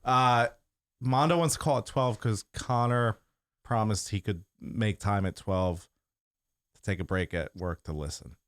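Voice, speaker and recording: A man's voice: lowish voice, a little slow. A man co-hosting a podcast in casual chat, crude and joking, often laughing. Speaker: podcast co-host.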